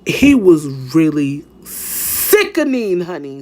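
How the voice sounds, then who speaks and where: A man's voice: fairly high pitch, expressive, normal speed. A young man telling a casual storytime, sassy and dramatic, swearing freely and acting out the dialogue.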